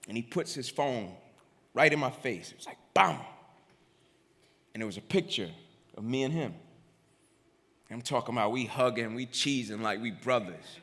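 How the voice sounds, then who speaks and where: A man giving a motivational keynote, telling his story dramatically and using repetition to build tension, with sudden drops to a hush. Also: medium pitch. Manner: builds intensity with repetition, swings between loud and hushed. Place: large event venue on stage. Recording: long reverb of a big live hall.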